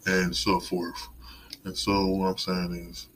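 A man's voice: low-pitched, completely flat delivery, slow pace, fairly bright tone, a little hiss or hum, low-quality recording. A man hosting his own show, giving a casual, digressive and mildly profane motivational monologue. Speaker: podcast host.

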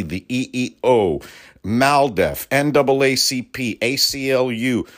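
A man's voice: medium pitch, a bit bright. A middle-aged man from Los Angeles hosting a political talk-radio show, delivering a heated, profane and emphatic rant with sarcastic asides. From Los Angeles, United States.

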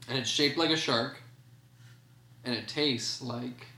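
A man's voice: mid-range voice, slow, sharp tone. A man from Canada co-hosting a podcast, riffing playfully and laughing often in casual banter. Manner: playful, giggly, riffs on ideas. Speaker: podcast co-host. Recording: roomy echo.

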